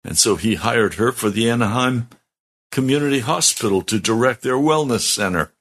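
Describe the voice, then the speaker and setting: A man's voice: medium pitch, lively intonation, normal speed, a bit bright, slightly rough. A middle-aged man, a pastor, telling his testimony in a sermon, earnest and heartfelt with strong emphasis.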